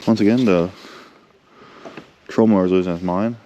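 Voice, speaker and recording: A man vlogging while fishing, chatting casually and getting excited, talking to the fish he catches. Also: deep voice, normal speed, slight background noise. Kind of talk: casual chat. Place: on a boat outdoors.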